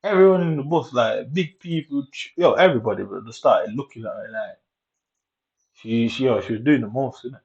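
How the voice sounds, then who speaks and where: A young man rambles through a personal story at an easy, unhurried pace. His speech is full of "innit" and "you get me", with a mid-pitched, everyday voice. The recording sounds dull and lo-fi. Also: darkish tone. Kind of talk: casual storytelling monologue.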